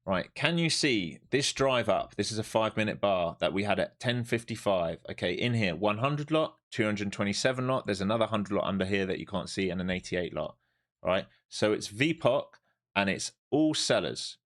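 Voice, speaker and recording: A man doing live trading stream commentary, animated and swearing freely as he talks through the chart. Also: lowish voice, moderate pace. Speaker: live-stream day trader.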